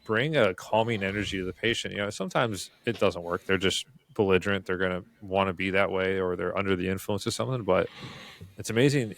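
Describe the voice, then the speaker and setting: A man who works as a paramedic, telling stories in a calm, earnest way during a casual podcast chat. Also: low voice, creaky, dry recording.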